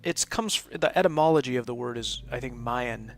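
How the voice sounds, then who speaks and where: Speaking a little fast with a medium, creaky voice, this live game stream host chats and rambles casually over the gameplay, laughing often.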